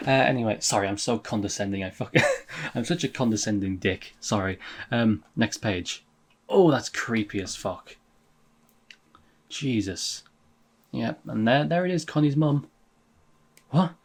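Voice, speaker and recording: A man reads a manga chapter aloud and reacts casually, swearing and laughing often, his voice growing louder and higher when something amuses him. There's a breathy edge to his voice.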